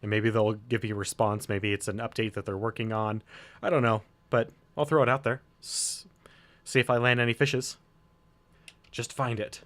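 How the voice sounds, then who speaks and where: A man's voice: fairly low pitch, fairly even intonation, moderate pace, a bit bright. A man giving casual, chatty commentary while playing a game, offhand and self-mocking. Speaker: let's play host.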